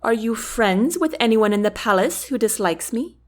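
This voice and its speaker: Formal guarded young queen, lady reading her in a storybook, lots of pitch movement. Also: lively intonation, normal speed, close to an everyday voice. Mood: earnest. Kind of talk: audiobook character reading.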